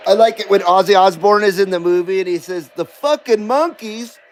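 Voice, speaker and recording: A middle-aged man hosts a loose live stream, reading viewer comments aloud and joking back. His voice sits fairly high for a man, and he swears freely. A faint background hum runs under his talk. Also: little pitch movement, fast talker, low-quality recording. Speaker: livestream host. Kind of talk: casual live-stream chat.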